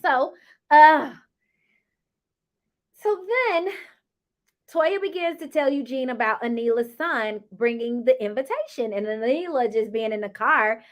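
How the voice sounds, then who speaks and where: A woman's voice: high voice, a little slow, pauses often. A woman casually recapping a reality TV episode, chatty and sassy, often acting out what people said. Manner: animated, acts out cast members' lines.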